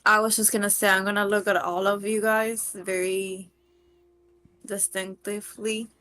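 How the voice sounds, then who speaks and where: A woman's voice: medium pitch, level tone, normal speed, pushed and bright. Chatty woman player at a game table. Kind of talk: casual chat at a game table.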